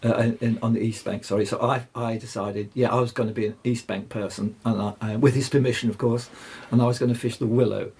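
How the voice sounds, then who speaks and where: An older man, telling rambling fishing stories as a guest, halting and restarting often. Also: medium pitch, steady tone, a little mellow. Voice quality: gravelly, husky. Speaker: guest angler. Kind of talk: anecdotal storytelling.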